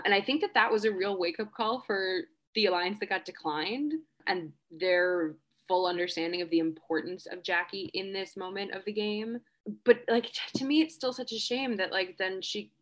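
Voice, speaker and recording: A young woman co-hosting a podcast in casual chat, quick to push back and disagree. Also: mid-range voice, a bit bright. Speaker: podcast co-host.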